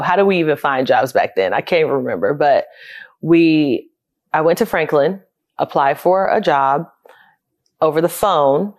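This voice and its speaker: A woman's voice: sits low, darkish tone. Candid woman recalling her upbringing. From South Florida. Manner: candid, reflective, conversational. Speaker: interviewee, childcare business owner. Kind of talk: personal storytelling interview.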